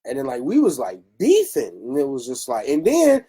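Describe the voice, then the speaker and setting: A man hosting a casual podcast, telling stories with lots of animation and acting out what people said. His pitch swoops around a lot. His voice is dark and husky. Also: moderate pace, low-quality recording. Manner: animated storytelling, laughs often, acts out quotes. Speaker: podcast host.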